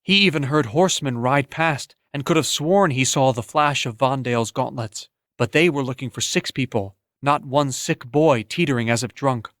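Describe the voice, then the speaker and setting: A man narrating an audiobook in a steady, even storytelling manner, close to the mic. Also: mid-range voice, moderate pace, few pauses, dry recording. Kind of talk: scripted narration.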